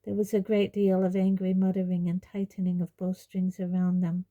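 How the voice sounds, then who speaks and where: A woman reading a fantasy novel aloud in a measured audiobook narration. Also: lowish voice, monotone, mellow, highs cut off. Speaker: reader.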